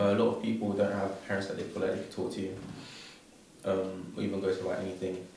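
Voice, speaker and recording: A man's voice: low voice, slight background noise. A man talking to his mother at a family gathering, joking and rambling with plenty of fillers. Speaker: son speaking in a family tribute. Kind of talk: casual family chat. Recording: echoey room from far off.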